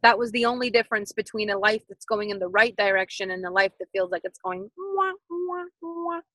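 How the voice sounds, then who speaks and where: A woman in her thirties appears as a podcast guest, speaking fast and animatedly in a mid-range voice, repeating her points like motivational mantras. The recording is rough, with no room sound.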